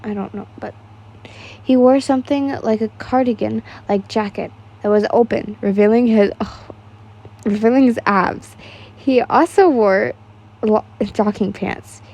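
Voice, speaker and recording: A woman's voice: fairly high pitch, measured pace, darkish tone. A young woman casually reading fan fiction aloud, stumbling over words and laughing at the text.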